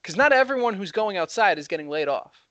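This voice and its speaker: A young man co-hosting a heated casual debate, talking fast and getting excited as he argues. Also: high-pitched, no room sound. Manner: fast, excitable, rising when worked up. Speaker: co-host.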